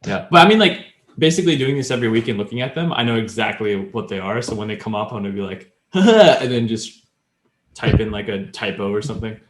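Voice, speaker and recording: Male podcast co-host, fairly low voice, rambling explainer, roomy echo. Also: fast, few pauses, a bit bright. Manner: chatty, many fillers, explains step by step. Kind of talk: casual language-learning chat.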